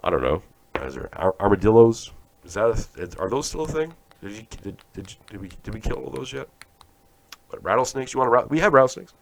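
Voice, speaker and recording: A man's voice: fairly low pitch, expressive, quick pace, vocal fry, slight background noise. A man from Canada hosting a podcast, rambling through a profane, sarcastic comic rant. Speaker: podcast host.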